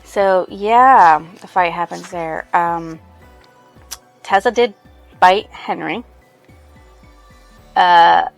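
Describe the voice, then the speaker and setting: Faint soft music plays as a woman with a fairly low, gravelly voice summarizes a book's plot very slowly, leaving long pauses. As a book reviewer she rambles casually, leaning on fillers and "she's like."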